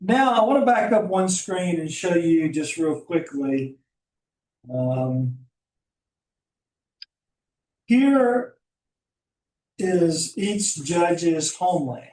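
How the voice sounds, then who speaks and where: A man's voice: a little high, very animated, extremely slow, pauses often, a little mellow. Alabama man teaching in an echoey room. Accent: Southern US, Alabama. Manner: folksy, conversational teaching with asides and chuckles. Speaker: Bible teacher. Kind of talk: Bible class lecture. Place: classroom. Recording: roomy classroom audio from a distant mic.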